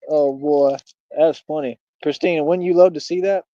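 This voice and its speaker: A man's voice: on the high side, flat delivery, normal speed, mellow, no room sound, highs cut off. Combative man ranting on a livestream. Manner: combative, mocking, taunting. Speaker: livestream host. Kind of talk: heated livestream rant.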